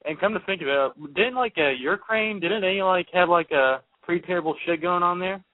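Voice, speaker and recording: A man's voice: high-pitched, moderate pace. A man calling into a radio show, hesitant and rambling, filling his talk with "like". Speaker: caller. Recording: tinny phone line.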